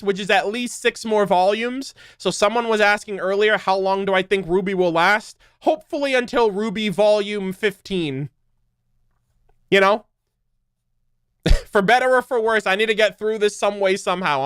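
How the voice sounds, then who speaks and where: A young male streamer rambles in a loose, joking way, laughing often and swearing casually. His voice sits fairly high and sounds clear and smooth. The sound is dry and close to the mic. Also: animated, moderate pace, a bit bright, dry recording. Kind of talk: casual livestream chat.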